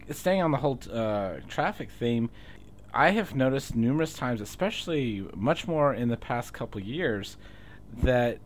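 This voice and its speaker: A man with a mid-pitched voice, chatting easily as a podcast co-host and laughing often as he tells stories. A faint noise and rumble sit under the recording. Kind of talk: casual chat.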